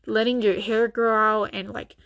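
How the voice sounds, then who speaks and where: A young woman rants on her own show in a slightly high voice. She is blunt and foul-mouthed, mocking her listeners in loose, casual talk. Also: level tone, moderate pace, a bit bright. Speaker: podcast host. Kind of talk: ranting casual monologue.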